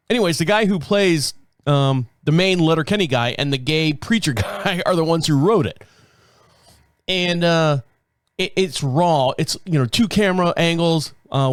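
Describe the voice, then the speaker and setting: A man's voice: a little high, no echo, studio quality. A middle-aged man hosting a show, telling rambling stories in casual chat, laughing often and acting out quotes. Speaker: show host.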